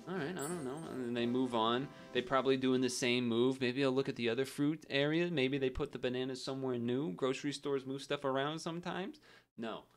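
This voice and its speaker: A man's voice: medium pitch, fairly quick, soft background music. Rambling man streaming a game. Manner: rambling, chuckling storyteller. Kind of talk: casual gameplay commentary.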